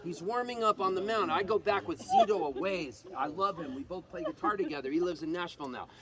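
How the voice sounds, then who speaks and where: Man, high voice, rambling laughing storyteller doing voices, live outdoors with a noisy crowd. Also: a little fast. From Canada. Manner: rambling, laughing, acts out other people's voices. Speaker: singer-songwriter telling a story. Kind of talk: animated onstage storytelling. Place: outdoor campfire jam at a music festival. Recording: noisy crowd, loud festival ambience.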